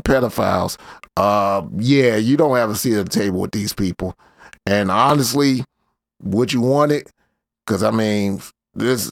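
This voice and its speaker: A man with a gravelly, medium-pitched voice hosts a casual commentary show, rambling in a laid-back, slangy way full of fillers. The recording is dry and clean, with a studio sound.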